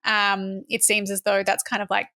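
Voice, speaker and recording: A young woman in casual political chat, her voice pitched in the middle range. She talks in a loose, chatty way, laughs easily and swears here and there. The recording is close and dry. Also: flat delivery, moderate pace, sharp tone, no room sound. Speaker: podcast co-host.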